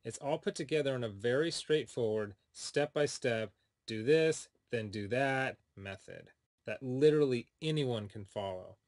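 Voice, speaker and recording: A man, a singing teacher, delivering an upbeat, persuasive sales pitch for his course straight to the listener. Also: measured pace, darkish tone, no echo.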